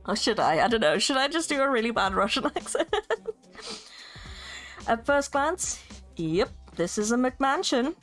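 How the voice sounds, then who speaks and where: A playful woman narrates a story game live on stream, joking and laughing often. Her voice sits fairly high. Faint music plays quietly behind her. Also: big pitch swings, a little slow, long pauses.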